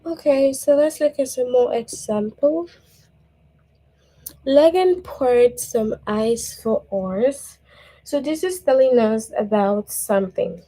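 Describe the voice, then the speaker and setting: A woman teaching a grammar lesson to young children, slow and patient, often checking in with "okay?". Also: sits high, dark tone.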